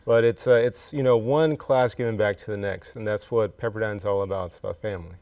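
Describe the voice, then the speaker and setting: A young man being interviewed on a talk show about student affairs, answering in a halting, relaxed way with fillers, on a dull, slightly lo-fi recording. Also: fairly low pitch, no echo. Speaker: student affairs staff guest. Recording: dull, slightly lo-fi, dry sound.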